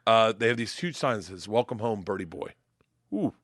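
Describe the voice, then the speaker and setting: A middle-aged man from Florida, a comedian guest telling animated, profane stories and acting out quotes loudly. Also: fairly low pitch, moderate pace, no room sound, studio quality. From Tampa, Florida. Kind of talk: casual storytelling chat.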